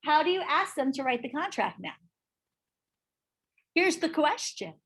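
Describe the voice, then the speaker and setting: A middle-aged woman teaching a live real estate sales class, animated and often checking in with her listeners. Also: high voice, unhurried. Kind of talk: live training talk to a class.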